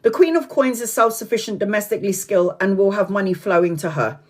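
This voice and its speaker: A woman's voice: mid-range voice, fast. A woman giving a live-streamed tarot reading, talking frankly, swearing freely, laughing often and drifting off on tangents. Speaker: tarot reader.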